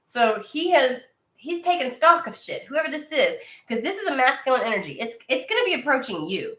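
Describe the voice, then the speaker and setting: A woman's voice: high-pitched, big pitch swings, a little fast, bright, forceful tone. Blunt, profane woman reading tarot. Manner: blunt and profane, talks to viewer directly. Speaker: tarot reader. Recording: echoey room.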